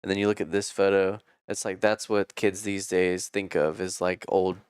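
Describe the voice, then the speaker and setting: A man guest on a podcast telling a loose, drawn-out story in casual chat. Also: deep voice, little pitch movement, clear, resonant tone, no room sound, clean studio sound. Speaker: in-studio guest.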